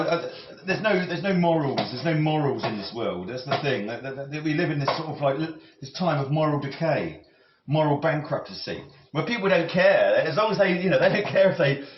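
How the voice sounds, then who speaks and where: A man rambling and musing as he cooks, with many halting restarts and self-corrections. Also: on the high side. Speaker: cooking vlogger. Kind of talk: rambling talk while cooking. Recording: roomy, slightly dull audio with faint noise.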